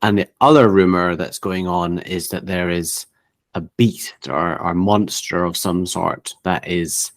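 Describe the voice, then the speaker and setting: Low-voiced man listing places on a call. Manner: reads long lists with fillers and restarts. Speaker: podcast co-host. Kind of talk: casual tabletop gaming chat. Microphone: remote call.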